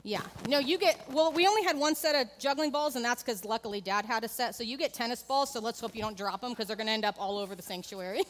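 Her voice is on the high side and she moves at a quick pace with few pauses, the big room audible alongside slight background noise. She's a woman in her thirties giving a conversational sermon in a church sanctuary, telling a candid family story and talking straight to the congregation.

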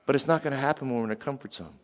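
A man's voice: medium pitch, rapid-fire. Middle-aged guy preaching a sermon, keeps asking the crowd stuff, big hall echo. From western Pennsylvania. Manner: animated, asks the crowd questions. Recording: long hall reverb.

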